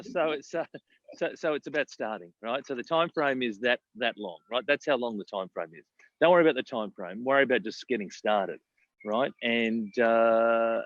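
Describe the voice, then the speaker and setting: A man's voice: mid-range voice, moderate pace, fairly bright tone, no echo, muffled recording. A man coaching in casual talk, repeating phrases and asking himself questions. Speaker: mindset coach.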